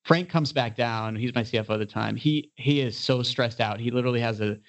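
A man in the guest seat tells an animated, casual story about his business, with a mid-range voice. He fills his sentences with "you know" and jumps back into the thread quickly. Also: medium pitch, highs cut off. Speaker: entrepreneur guest.

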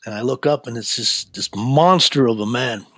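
A man, an interview guest, telling a personal story in a casual, laid-back, animated way. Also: mid-range voice, moderate pace, no echo.

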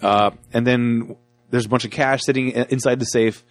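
A man co-hosting a casual movie review podcast, enthusiastic and jokey, acting out scenes in quick bursts. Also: mid-range voice, fairly even intonation, soft background music. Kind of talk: casual chat.

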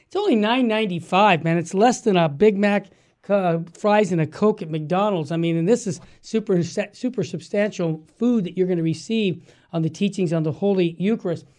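Brief: middle-aged man, enthusiastic radio host, emphatic, quick to laugh. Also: sits high, a little mellow. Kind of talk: casual radio chat.

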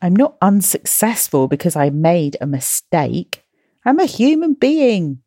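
A woman's voice: on the low side, sing-song, measured pace, breathy edge, no echo, clean studio sound. Encouraging woman talking to kids. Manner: chatty, gently self-mocking, warm encouragement. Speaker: podcast host and coach for children. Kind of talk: encouraging talk to children. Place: at home, in slippers.

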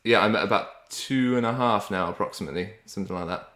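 A man's voice: on the low side, quick pace, fairly bright tone. Dry-spoken young Englishman, echoey room. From England. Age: 20s. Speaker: podcast guest. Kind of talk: casual interview chat.

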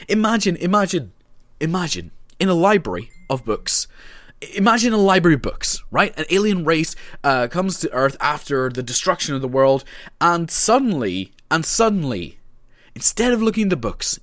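A man's voice: sits high, dry recording. British guy ranting in a call-in message, sarcastic, swoops up and down a lot, dry sound. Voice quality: exasperated, sarcastic. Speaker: caller.

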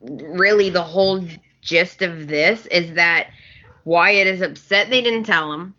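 Slow-talking woman podcast co-host. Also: lowish voice, bright, forceful tone, dull audio. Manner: slow, laughing, acts out the characters' lines. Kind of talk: casual chat recapping a soap opera.

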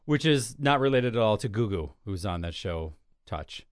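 A man's voice: fairly low pitch, lively intonation, normal speed, clean tone, dry recording, studio quality. A man co-hosting an entertainment podcast in casual, teasing chat. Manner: joking, teasing. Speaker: podcast co-host. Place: Chicago area.

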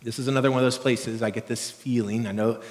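A middle-aged man preaches a sermon as a pastor, talking fast and conversationally in a steady, mid-range voice with a darkish tone. He asks the congregation questions, and the recording carries the long reverb of a large hall.

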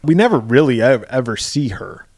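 A podcast co-host with a mid-range, darkish voice and big pitch swings casually retells a film's plot at normal speed, loose and profane, packing in filler words and swearing. The recording is dry.

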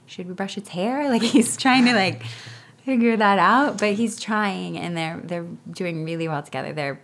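A woman in her thirties chatting as a guest, telling lively stories and acting out what others said. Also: mid-range voice, normal speed. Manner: animated storytelling with laughs and acted-out quotes. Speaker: guest parent. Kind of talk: casual interview chat.

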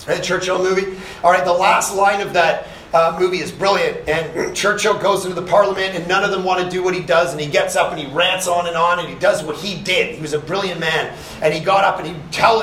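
A man's voice: high-pitched, reverberant, a little hiss or hum, rough recording. A man preaching a sermon, reading scripture aloud and driving his points home with rising force, breaking into casual asides to his listeners. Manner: animated preaching, punching lines with rising volume; conversational asides to young listeners. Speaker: pastor. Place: summer camp session.

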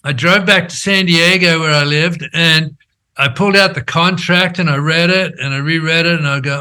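An older man and company founder, telling his story in an animated, conversational way, checking in with "right?" as he goes. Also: fairly high pitch, moderate pace, clear, resonant tone. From Australia. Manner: animated storyteller who acts out quoted dialogue, frequent "right?" tags.

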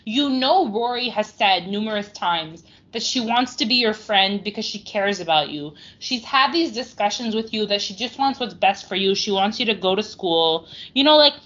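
A woman's voice: mid-range voice, lively intonation, normal speed, hardly any pauses, a bit bright, highs cut off. A woman co-hosting a podcast in casual chat, blunt and exasperated, swearing freely. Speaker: podcast co-host.

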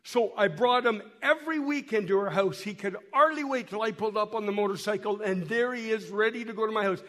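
Man, missionary, high voice, folksy storytelling to a church, repeats words, hoarse from a cold, echoey church hall. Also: a little fast, fairly bright tone. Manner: folksy, repeats and restarts words, speaks directly to the congregation. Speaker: missionary guest speaker. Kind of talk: storytelling talk to a church while showing photos.

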